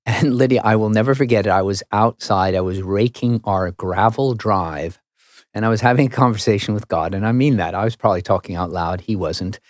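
Middle-aged American man, low voice, self-mocking storytelling, dry studio sound. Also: a little fast, no room sound. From United States. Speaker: radio guest. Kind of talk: casual chat.

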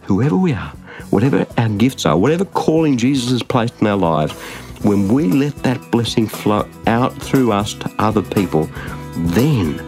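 A man's voice: on the low side, very animated, normal speed, a little mellow, faint music behind. A man preaching a sermon, emphatic, repeating phrases and asking rhetorical questions.

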